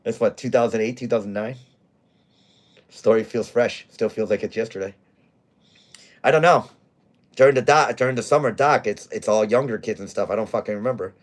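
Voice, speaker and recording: A man's voice: lowish voice, fairly quick, long pauses. A man who manages a bar, telling a rowdy story in blunt, profane casual talk. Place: bar in Scranton, Pennsylvania.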